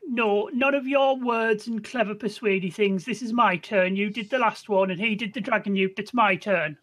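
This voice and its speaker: A man's voice: high voice, moderate pace, fairly bright tone. Brash older man playing a tabletop game. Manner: bossy, brash and joking. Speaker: player. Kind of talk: casual tabletop game play.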